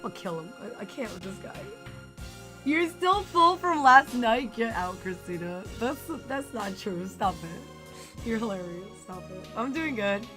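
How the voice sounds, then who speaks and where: A young woman streaming a game, chatting casually with her viewers, her voice worn and a little raspy. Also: medium pitch, normal speed, faint music behind. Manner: chatty, giggly, talks to chat. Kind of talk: casual live-stream chat.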